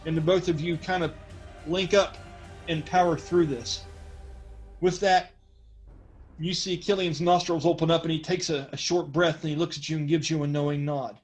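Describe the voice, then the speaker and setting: A man's voice: fairly high pitch, little pitch movement, normal speed, faint music behind, rough recording. A man running a tabletop role-playing game as game master, narrating scenes in a loose, joking way. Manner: loose and joking, with frequent fillers.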